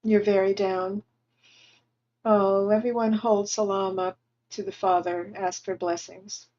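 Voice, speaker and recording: A woman hosting a livestream as a spiritual medium, channeling gentle, consoling messages from the other side for her viewers at home. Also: medium pitch, flat delivery, a little slow, highs cut off.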